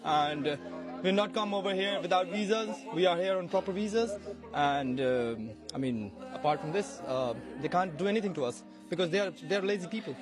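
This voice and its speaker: A man's voice: high-pitched, lively intonation, fairly quick, music in the background. A man from Pakistan answering a street interview, blunt and earnest.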